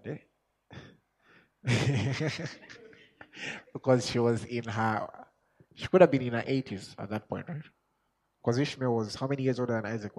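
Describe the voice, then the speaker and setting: A man preaching a sermon as an apostle, chuckling and asking himself questions as he builds from quiet musing to shouted exhortation. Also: mid-range voice. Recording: long hall reverb.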